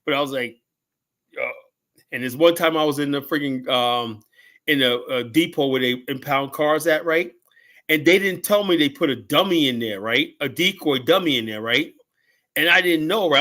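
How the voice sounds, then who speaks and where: A middle-aged man talks through his stories in a loose, rambling podcast chat. His voice sits a bit higher than most men's, and he keeps tossing "right?" and "whatnot" onto the ends of his sentences. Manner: rambling storyteller, keeps adding "right?" and "whatnot", shouts out quoted lines. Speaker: guest telling security stories.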